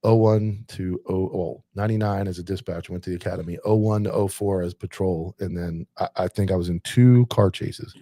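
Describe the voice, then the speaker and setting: Low-voiced cop guy in his 40s telling stories, swears a lot, dry close mic. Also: brisk, few pauses, no room sound. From Florida. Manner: swearing, animated war stories with acted quotes. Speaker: podcast host and police officer. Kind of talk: casual storytelling chat.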